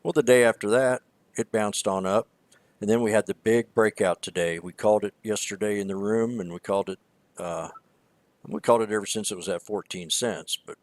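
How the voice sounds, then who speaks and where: A low-pitched man gives casual market commentary in a rambling, emphatic way, often repeating himself. His voice is recorded dry and close, with no room sound around it. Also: dry recording. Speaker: stock trading show co-host.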